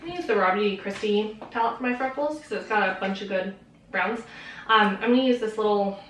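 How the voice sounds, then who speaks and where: A young woman beauty vlogger chats casually through a makeup tutorial, rambling and laughing often in a mid-range voice at a fairly quick pace. The mic sits at a distance, giving a roomy echo, with slight background noise.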